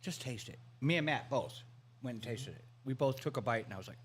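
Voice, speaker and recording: A man's voice: medium pitch, lively intonation, fast talker, husky. A man co-hosting a casual food talk show, telling stories with enthusiasm. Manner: storytelling, enthusiastic. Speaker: co-host. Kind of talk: casual chat.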